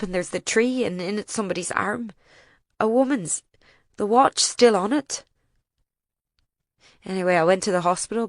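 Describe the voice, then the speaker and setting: A woman reading as a grieving older male farmer who tells of a bombing, in plain, halting dialect. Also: fairly low pitch, dry recording, clean studio sound, natural voice. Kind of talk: audiobook reading.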